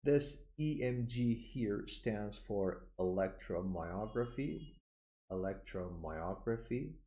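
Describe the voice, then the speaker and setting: Slow, low-voiced man teaching terms. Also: animated, mellow. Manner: repeats each term slowly for pronunciation; explanatory, with frequent "uh" fillers. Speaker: English vocabulary teacher. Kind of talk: recorded online lesson.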